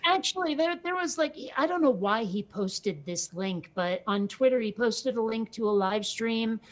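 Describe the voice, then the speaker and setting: A woman co-hosts a casual chat with a wry, joking humor. Her voice sits a little high. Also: animated, moderate pace. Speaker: co-host.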